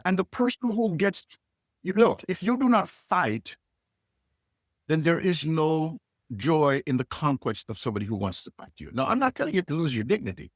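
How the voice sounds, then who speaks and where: A husky-voiced middle-aged man who tells stories with big swings in pitch, jumping between characters as he acts out each line. His voice is recorded close and dry, with no room sound around it. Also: normal speed, dry recording. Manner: acts out dialogue with lively inflection. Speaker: guest, leadership coach. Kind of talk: animated storytelling.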